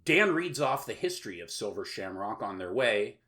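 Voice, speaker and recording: Rambling, jokey man with a bright voice. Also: lowish voice, very animated, moderate pace. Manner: rambling, with many filler sounds and sarcastic asides. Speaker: podcast host. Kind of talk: casual plot recap with jokes.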